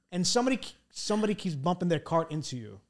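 A man who talks quickly, in a fairly high voice for a man. He co-hosts a casual podcast, teasing his guest and setting up playful scenarios. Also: sing-song. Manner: playful, sets up scenarios and teases. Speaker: podcast co-host.

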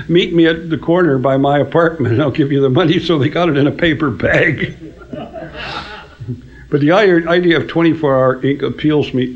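An older man, a songwriter, telling casual anecdotes in a dry storytelling manner and laughing at his own punchlines. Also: mid-range voice. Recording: dull lo-fi recording.

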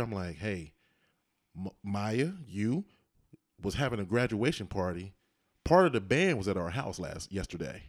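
A man's voice: on the low side, animated, unhurried. A man in casual conversation, animatedly telling a story and acting out the voices of the people in it. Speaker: husband telling his story.

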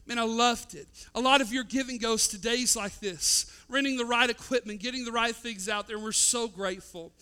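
A male pastor, preaching a sermon that swings between loud passages and hushed ones. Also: very high voice, moderate pace, few pauses, clear, resonant tone.

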